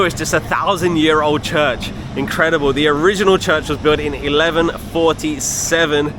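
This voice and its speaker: Chatty young man vlogging through city streets. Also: on the high side. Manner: chatty and easygoing, addresses viewers directly. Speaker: travel vlogger. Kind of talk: casual walking vlog narration. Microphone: handheld camera while walking. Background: faint street and traffic noise.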